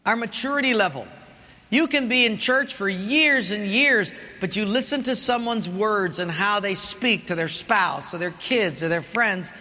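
A man's voice: sits high, pushed and bright, long reverb tail. A man preaching a sermon as a pastor, telling stories animatedly and with humor.

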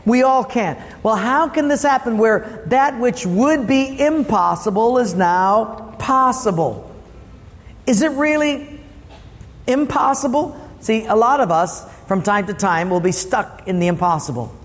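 A man preaching a sermon as pastor, lively and asking the congregation questions. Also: sits high, measured pace, in a large hall.

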